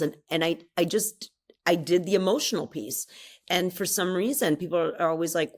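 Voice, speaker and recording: Low-pitched woman guest mentor, lively storyteller who keeps chiming in. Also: normal speed. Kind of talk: casual conversation.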